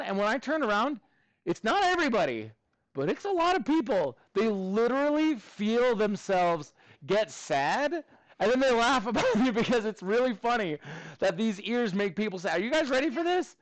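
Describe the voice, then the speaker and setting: A man's voice: very high-pitched, sing-song, normal speed, dry recording. A male math teacher casually telling his class a story in a chatty, self-amused way. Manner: chatty, self-amused, talks straight to students.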